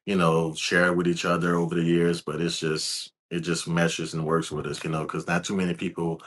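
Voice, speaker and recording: A laid-back young man from Louisiana, answering interview questions as a guest in a calm, soft-spoken way. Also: sits low, moderate pace, slight background noise. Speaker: guest, videographer.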